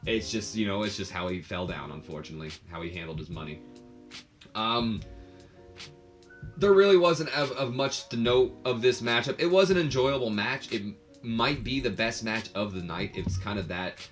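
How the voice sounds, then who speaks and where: A man with a fairly low voice talks through a casual review as the channel host. He rambles and chats freely, full of fillers and occasional laughter. Faint music sits underneath. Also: moderate pace.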